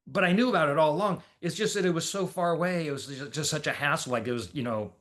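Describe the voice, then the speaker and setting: A man's voice: on the high side, animated, fast, fairly bright tone. A man telling a long story as a podcast guest, casual and rambling, with lots of fillers and laughs.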